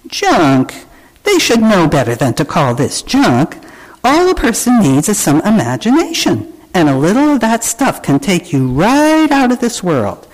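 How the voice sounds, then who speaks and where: A preacher reads out a kindly stepfather from a children's storybook. He is cheerful and encouraging, and he talks slowly with a lively, rising pitch. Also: long reverb tail, low-quality recording. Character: kindly, upbeat stepfather of a boy.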